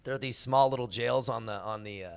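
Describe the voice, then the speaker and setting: A man's voice: mid-range voice, brisk, vocal fry, clear, resonant tone. A young man with a Californian accent, telling his stories as a podcast guest in a loose, slangy way, laughing often. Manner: laid-back slangy talk, lots of bro and dude, laughs often. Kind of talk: casual storytelling interview.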